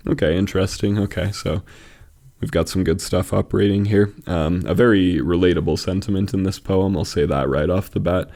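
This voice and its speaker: A man's voice: low-pitched, warm tone. A young man hosting a review of fan poetry, reading poems aloud and critiquing them in a thoughtful, hesitant way. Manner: thoughtful, hesitant, many fillers and restarts. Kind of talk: casual critique and poem reading.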